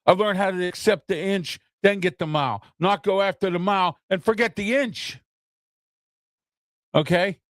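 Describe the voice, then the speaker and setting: A man's voice: high-pitched, normal speed, no room sound, clean studio sound. A man hosting his own opinion talk show, speaking heatedly and repeating himself, often checking in with "okay?". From United States. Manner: heated, repetitive, keeps asking "okay?".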